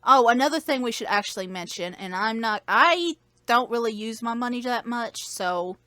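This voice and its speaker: A woman's voice: fairly high pitch, lively intonation, moderate pace, sharp tone. A woman chatting casually while playing a video game with a friend. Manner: chatty, reads on-screen text aloud. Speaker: co-host of a game playthrough. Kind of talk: casual gaming commentary.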